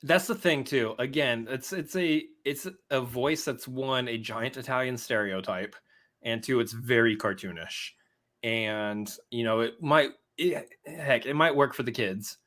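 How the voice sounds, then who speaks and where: A man co-hosting a casual podcast chat, animated and jokey, prone to goofy asides. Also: medium pitch, a little slow. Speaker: podcast co-host.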